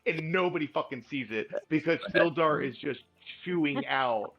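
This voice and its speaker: A man's voice: on the high side, moderate pace, lo-fi sound, soft background music. Rambling male game master, voice going. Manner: loose, rambling with many fillers. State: losing his voice. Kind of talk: narrating a tabletop game.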